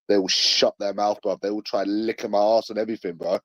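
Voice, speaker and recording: A man's voice: lowish voice, flat delivery, brisk, fairly bright tone, dry recording. A man in his late twenties with a London accent, ranting casually with heavy swearing and street slang. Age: late 20s. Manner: swearing, boastful, aggressive slang.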